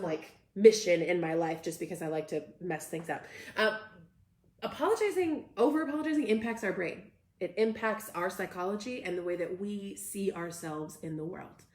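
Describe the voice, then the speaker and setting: A woman's voice: on the low side, vocal fry, echoey room. A young woman hosting a casual live stream, reading viewer comments aloud and reacting with upbeat energy. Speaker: host.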